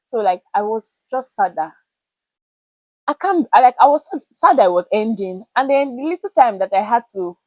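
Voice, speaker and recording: A young woman with a Nigerian accent, telling a personal story to camera in a chatty, animated way with pidgin words mixed in. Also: on the high side, normal speed, dry recording, low-quality recording. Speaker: vlogger.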